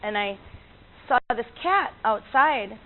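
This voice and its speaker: A woman's voice: on the high side, lively intonation, slow pace. A woman who works as an animal communicator, telling stories in a chatty way with frequent laughs and restarts. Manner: chatty, laughs often, many fillers and restarts. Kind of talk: casual storytelling talk. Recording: tinny lo-fi line with faint noise.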